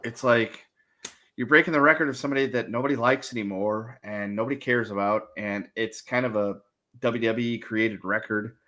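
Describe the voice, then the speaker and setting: A man's voice: medium pitch, normal speed, bright, forceful tone. A man co-hosting a podcast, giving exasperated, rambling opinions in casual chat. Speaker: podcast co-host.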